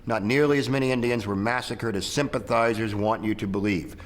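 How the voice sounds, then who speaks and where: A man narrating a satirical film history in a sardonic, deadpan way. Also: lowish voice, fairly quick, low-quality recording. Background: film score music.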